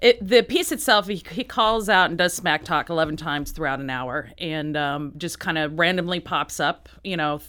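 A woman artist answering interview questions, halting with many restarts and often laughing. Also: deep voice, a bit bright, clean tone. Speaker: artist, guest. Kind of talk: interview conversation.

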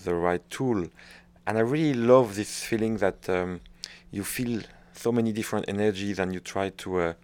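A man's voice: on the low side, moderate pace, darkish tone, clean tone. A middle-aged French man with a French accent, a conductor answering interview questions, hesitant and searching for words with frequent restarts. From France.

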